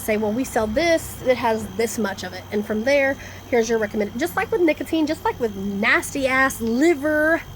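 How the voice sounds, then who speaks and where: Indoors, with a storm rolling in, a woman rambles casually for her vlog in a slightly high voice carrying a bit of hiss or hum. She's blunt, profane, and animated, hopping between topics.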